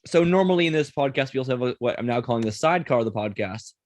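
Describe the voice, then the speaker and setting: A man's voice: medium pitch, lively intonation, darkish tone. A man hosting a podcast, chatty and running the segments in casual talk. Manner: quick, chatty, runs the segments. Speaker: podcast host. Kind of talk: casual chat.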